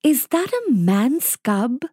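A woman voicing a tender, bold mother wolf in a read-aloud story, speaking softly. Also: very animated, takes it slowly, breathy edge, no room sound, studio quality, heavily acted. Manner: soft, higher voice.

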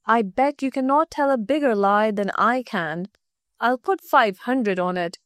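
A woman's voice: on the high side, measured pace, no echo, studio quality, lightly acted. A woman voicing a boastful, smug rich young man in a storybook reading. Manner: bragging, sly. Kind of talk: storybook narration.

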